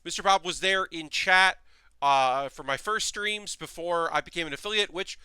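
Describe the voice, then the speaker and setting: Bright, crisp-voiced male streamer. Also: fairly high pitch, normal speed, dry recording. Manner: rambling and chatty, reading chat aloud. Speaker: streamer and model kit builder. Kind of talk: casual live-stream chat.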